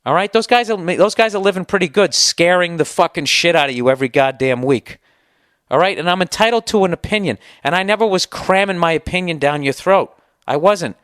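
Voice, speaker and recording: A man's voice: high voice, brisk, fairly bright tone, clear, resonant tone, no echo, studio quality. A man from the United States hosting a podcast, ranting in a sarcastic, profane and exasperated way. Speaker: podcast host. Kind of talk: comedic podcast rant.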